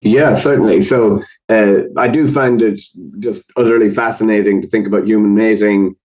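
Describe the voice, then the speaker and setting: Irish man, fairly low voice, podcast guest, measured and thoughtful, lots of "uh" fillers, conversational explaining. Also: fairly even intonation, a little mellow, low-quality recording.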